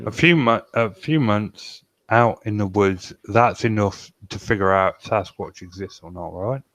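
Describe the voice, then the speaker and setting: A man's voice: lowish voice, a little slow, a bit bright, no room sound. A man hosting a podcast, reading news aloud and adding wry, sweary asides. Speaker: podcast host.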